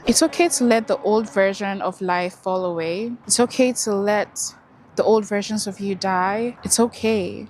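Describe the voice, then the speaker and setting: A woman's voice: medium pitch, steady tone, normal speed, slight background noise. A young woman talking earnestly to her camera, reflecting on life and encouraging herself and her viewers. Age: young adult. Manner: earnest, self-encouraging, drawls words out. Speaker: vlogger. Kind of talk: casual reflective monologue.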